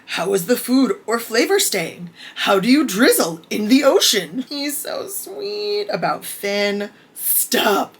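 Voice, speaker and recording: A woman giving a casual book review vlog, candid and excitable, reading out her notes with bursts of swearing. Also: mid-range voice, husky.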